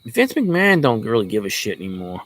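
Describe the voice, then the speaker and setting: A man's voice: fairly low pitch, wildly swooping pitch, a little fast, fairly bright tone, no echo. A man who vlogs as a sports fan, ranting in a casual, rambling way with a lot of swearing and jokes. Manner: profane, joking, rambling.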